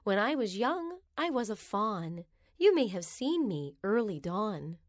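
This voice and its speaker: A woman reading children's rhymes aloud in a slow, sing-song storybook manner. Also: mid-range voice, very animated, no room sound, clean studio sound.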